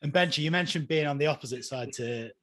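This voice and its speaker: A man's voice: fairly high pitch, quick pace, a bit bright, slight background noise. A man hosting a rugby podcast who asks friendly, teasing questions. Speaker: podcast host. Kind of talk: interview questions.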